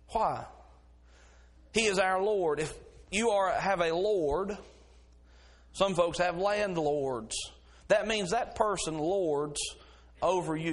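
A middle-aged man preaching a sermon as pastor, folksy in his stories and rising to fervent preaching. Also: fairly high pitch.

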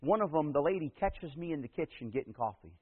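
Husky-voiced man preaching a sermon. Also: on the high side, expressive, fast talker, long reverb tail. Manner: preaching, rising to loud emphatic peaks. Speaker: pastor. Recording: tinny phone-like sound.

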